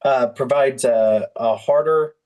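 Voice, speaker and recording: A male student speaks up from his seat in class, at an average pitch. He stumbles and restarts as he hunts for the right term. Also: slow, a little mellow. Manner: hesitant, searching for words. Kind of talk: classroom question.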